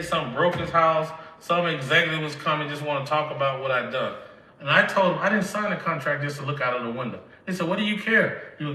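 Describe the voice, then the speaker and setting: An older man from Mississippi, tearful and speaking with a Southern accent, shares his life story as an emotional testimony, acting out the conversations he remembers. His voice runs on the high side, pushed and bright. The recording is distant and echoey, with slight background noise.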